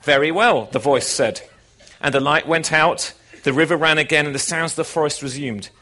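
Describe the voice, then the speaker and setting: A man preaching to his congregation, telling a story with animated, folksy delivery. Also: on the high side, a little fast. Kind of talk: sermon with a joke.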